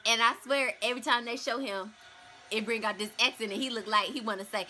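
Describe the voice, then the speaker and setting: A young woman vlogging casually while watching a game with a friend, reacting loudly and laughing often. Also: fairly high pitch, moderate pace, soft background music.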